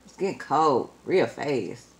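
A woman chatting casually to camera as a vlogger, calling her viewers y'all and swinging from quiet, low talk to loud, animated outbursts. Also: slow, creaky. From Texas.

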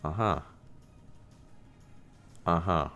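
A man's voice: deep voice, extremely slow, fairly bright tone, faint music behind. A young man streaming slot games, talking casually to the game and his viewers, swearing, pleading and sarcastic. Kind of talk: casual gambling stream commentary.

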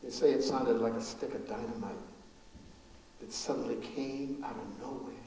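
A man's voice: medium pitch, fairly even intonation, moderate pace, gravelly, mellow, a little hiss or hum, natural voice. An actor playing an elderly preacher father who tells his family's story with earnest grief and stumbles over repeated words when moved. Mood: sorrowful. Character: grieving elderly preacher father, steadfast and forgiving. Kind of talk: live theatrical storytelling. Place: school auditorium. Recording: echoey hall, mic far off.

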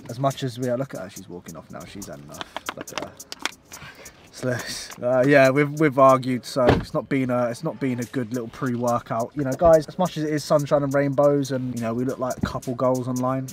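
A young man chats straight to camera in a loose, casual vlog voice, blunt and self-mocking, with swearing in nearly every sentence. His pitch sits mid-range for a man, and music plays clearly behind him. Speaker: fitness vlogger.

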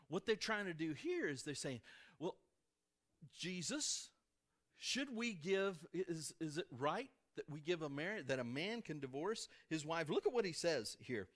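Lively Midwestern pastor preaching. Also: male voice, fairly high pitch, a little slow. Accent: American Midwest. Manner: animated, rising to emphatic peaks and dropping to soft asides. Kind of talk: sermon. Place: church sanctuary before a congregation.

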